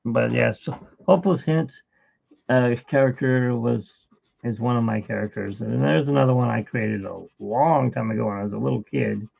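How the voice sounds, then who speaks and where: A middle-aged art livestream host chats casually while drawing, rambling and telling stories. His creaky voice is mid-range at a normal speed, and the audio sounds tinny, like a phone.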